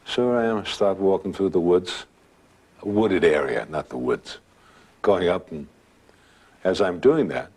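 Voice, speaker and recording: An older man, casually telling a personal story in a relaxed way and acting out what others said. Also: low-pitched, measured pace, long pauses, husky. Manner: relaxed storytelling, acts out voices. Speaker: guest storyteller.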